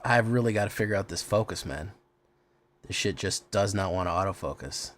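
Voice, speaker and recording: A man's voice: deep voice, a little fast, fairly bright tone. A man hosting a live stream, chatting loosely with his viewers, greeting them by name and muttering at his camera as he goes. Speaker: streamer host.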